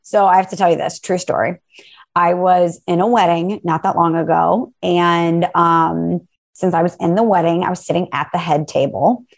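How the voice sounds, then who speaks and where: A young woman co-hosting a casual chat, telling an animated story and acting out quoted lines. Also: on the low side, gravelly. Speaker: co-host.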